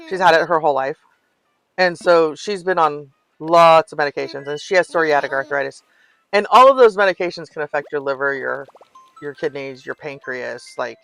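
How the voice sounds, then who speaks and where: A woman's voice: low-pitched, creaky, fairly bright tone. An older woman streaming a life-sim game, chatting casually and telling stories with frequent laughs. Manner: chatty storyteller, laughs often. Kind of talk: casual gameplay chat.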